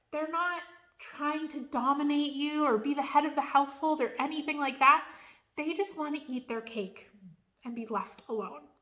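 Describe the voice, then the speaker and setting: A woman's voice: sits high, pushed and bright. A woman dog trainer giving a frank, chatty lesson on dog behavior. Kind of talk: instructional video.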